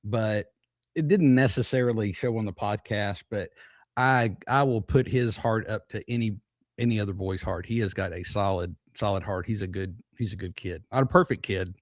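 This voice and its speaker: A man's voice: lowish voice, moderate pace, dry recording. A man with a Texan accent co-hosting a casual podcast, teasing in a dry, easygoing way. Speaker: podcast co-host. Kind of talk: casual live podcast chat.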